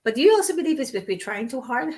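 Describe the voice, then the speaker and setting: Trinidadian woman hosting a chat show, lively storyteller, laughs a lot. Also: high-pitched, fast talker. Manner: animated, chatty storyteller who laughs often. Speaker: host. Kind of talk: casual chat.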